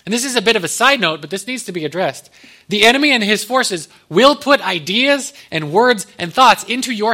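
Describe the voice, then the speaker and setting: Man, pastor, sermon, high voice, bright tone, chatty with jokes. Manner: conversational, joking asides.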